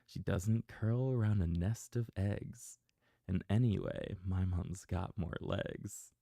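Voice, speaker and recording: A man's voice: low-pitched, slow pace, vocal fry, dark tone, no echo, studio quality, heavily acted. A man voicing a little lost baby monkey in a bedtime storybook reading, speaking insistently in rhyme. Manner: insistent, rhyming storybook lines.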